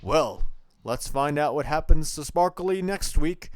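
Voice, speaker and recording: A man's voice: on the high side, lively intonation, a little slow, smooth. A man playing a hammy, theatrical show announcer in a comedy web series. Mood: showy. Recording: echoey hall reverb.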